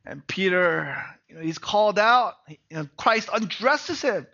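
A man preaching a sermon. He asks rhetorical questions, tags points with "right?", and swings from hushed tones to loud emphasis. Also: sits high, expressive, a little slow, vocal fry. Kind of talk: sermon on a Bible passage. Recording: dull lo-fi recording.

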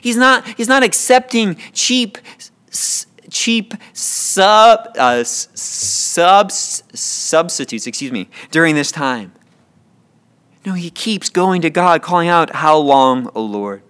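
A man's voice: high voice, expressive, slow pace, fairly bright tone, clear, resonant tone. A man preaching a sermon with passion, often repeating words as he builds a point.

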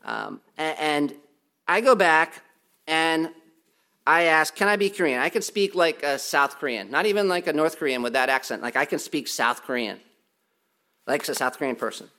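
A man's voice: on the high side, normal speed, sharp tone. A man preaching a sermon as pastor, emphatic and repetitive, with self-deprecating humor. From United States.

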